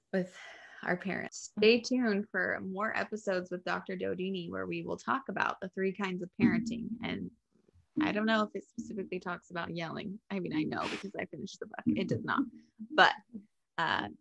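A woman's voice: on the low side, steady tone, moderate pace, creaky, fairly bright tone. A woman co-hosting a podcast, telling family stories in a chatty way with lots of fillers. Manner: chatty storytelling with frequent fillers. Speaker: podcast co-host. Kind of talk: casual chat.

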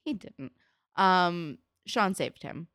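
A woman's voice: fairly low pitch, expressive, slow pace, fairly bright tone, no room sound, studio quality. A young adult woman co-hosting a podcast, animatedly retelling a TV episode and acting out the characters' lines. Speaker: podcast co-host. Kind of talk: casual chat recapping a TV episode.

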